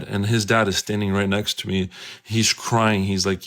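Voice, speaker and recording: A man's voice: lowish voice, level tone, a little fast. Earnest man preaching a story. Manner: earnest and emphatic, urgent appeals.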